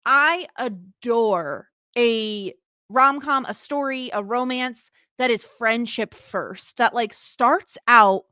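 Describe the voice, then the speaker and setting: A woman co-hosting a podcast, chatting casually about a film in an animated, playful, emphatic way. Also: on the high side, takes it slowly, clean tone, no echo, studio quality. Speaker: podcast co-host. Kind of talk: casual chat.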